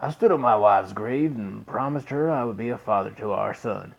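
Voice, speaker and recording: A man voicing a grave older father who gave up soldiering, in a lowered, solemn voice. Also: moderate pace, creaky, highs cut off.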